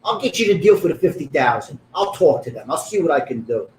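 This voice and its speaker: A man's voice: on the high side, big pitch swings, fast, darkish tone. A middle-aged man, a pizzeria owner telling his story bluntly and animatedly, acting out the quoted dialogue. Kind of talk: storytelling in an interview. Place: back room of a pizzeria under construction. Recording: echoey room with construction noise.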